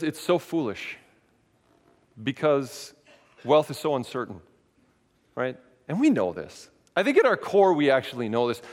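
A man preaching a sermon as pastor, in a conversational, animated way with frequent restarts, speaking in a church sanctuary. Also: on the high side, big-room sound.

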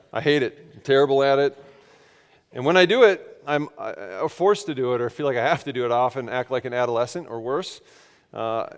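A man in his thirties preaching a sermon in a conversational, self-deprecating storytelling way, stumbling over restarts as he talks. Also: a little high. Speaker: pastor. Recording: long hall reverb.

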